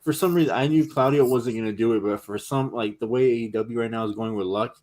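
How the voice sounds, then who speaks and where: A man co-hosting a podcast in loose, casual chat. He rambles excitedly, piling up fillers and restarts. His pitch sits in an ordinary middle range. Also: fast. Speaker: podcast co-host.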